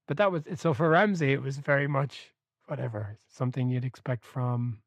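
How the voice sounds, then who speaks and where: This podcast co-host, a man, chats casually about a football book, telling animated stories, laughing mid-sentence and dropping the odd swear word. His voice is mid-range at a normal speed, and the recording is dry.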